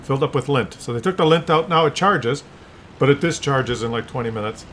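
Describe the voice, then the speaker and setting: A man's voice: mid-range voice, fairly quick, fairly bright tone. Older man, rambling casual monologue, restarts words, faint background hiss. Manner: rambling, repeats words, acts out little scenes. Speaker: vlogger.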